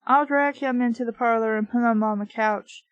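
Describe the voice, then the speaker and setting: A woman reading the lines of a gruff, bossy middle-aged man in a book, in a brusque, matter-of-fact way, with a dry sound. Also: extremely high pitch, steady tone, normal speed, no echo, highs cut off.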